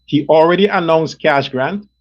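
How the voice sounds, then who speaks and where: Heard on a dull, lo-fi recording, this show host from Guyana rants angrily and profanely about politics, repeating and pounding on his words. His voice leans high and his speed is normal.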